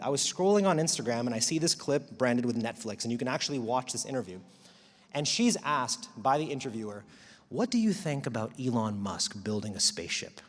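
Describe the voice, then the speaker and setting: A man gives a talk to a crowd, his voice carrying through a large hall with a long echo. He speaks at a middle pitch, in an animated and wry way, with strong emphasis. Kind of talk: live talk to an audience. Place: large auditorium.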